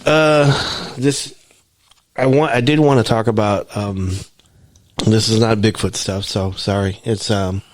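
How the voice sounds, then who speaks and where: A man co-hosting a podcast, telling stories in a casual, halting way with many restarts. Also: on the low side, fairly even intonation, dry recording. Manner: rambling, halting, frequent restarts. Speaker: podcast co-host. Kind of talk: casual chat.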